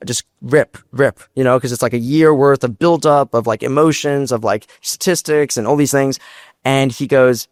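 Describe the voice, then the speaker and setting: A young man, a startup founder, telling animated stories on stage and acting out quotes. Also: medium pitch, smooth, no room sound, studio quality. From United States. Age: young adult. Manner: animated, fast storytelling with acted-out quotes. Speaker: startup founder, guest speaker. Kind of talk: storytelling on stage. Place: stage before a large live audience.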